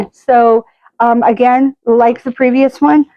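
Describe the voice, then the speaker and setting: A woman with a fairly high-pitched voice hosts a casual cooking video, heard through a muffled recording. She's chatty and self-deprecating, joking about her own accents.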